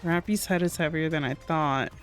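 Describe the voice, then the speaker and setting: A woman's voice: low-pitched, normal speed, faint music behind. A woman streamer chatting casually while reacting to a game, giggly and playful.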